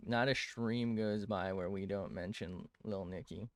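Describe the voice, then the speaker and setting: A man's voice: on the low side, steady tone, a little slow, no room sound, studio quality. A young man streaming while he draws, rambling to chat, mocking himself and swearing often.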